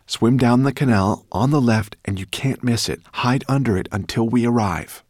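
A man voicing a quick-thinking young boy who talks in an urgent, brisk and bossy way. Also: mid-range voice, a little mellow, no room sound, studio quality, voice pushed up, natural voice. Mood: directing.

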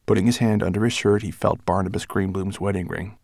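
A man narrating a children's fantasy audiobook with an expressive reading. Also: low-pitched, fairly quick, hardly any pauses, no room sound, studio quality. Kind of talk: scripted storybook narration.

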